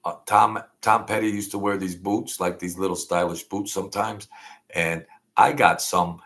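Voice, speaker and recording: At a normal speed, in a low, fairly bright voice with a steady tone, a middle-aged man hosts a casual livestream from home late at night. He rambles, jokes around, and reminisces, dropping many fillers along the way.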